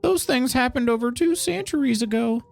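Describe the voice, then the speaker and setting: A woman's voice: on the high side, lively intonation, moderate pace, gravelly, soft background music, pitched above the performer's own voice. A woman voicing a grumpy, curt old landlady while reading game dialogue aloud.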